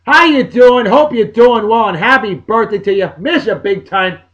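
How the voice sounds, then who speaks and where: A middle-aged man, hosting a casual podcast and giving exuberant, folksy birthday shout-outs. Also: high voice, moderate pace. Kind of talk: casual chat.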